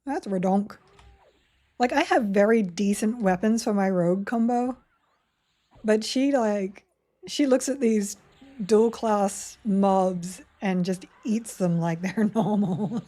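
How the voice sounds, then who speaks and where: A young woman chatting her way through a live game stream, giggling often between remarks. She speaks at an easy, slow pace with a mellow, soft tone and a middle pitch. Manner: chatty, giggly, reads chat aloud. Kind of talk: casual live-stream chat while playing.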